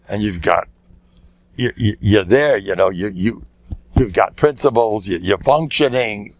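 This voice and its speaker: A man's voice: gravelly, dry recording. An older man, a rabbi giving a lecture, telling stories with jokes, often breaking off, repeating words and laughing at his own lines. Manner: animated, jumps into loud high voices for quoted lines. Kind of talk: storytelling talk with jokes.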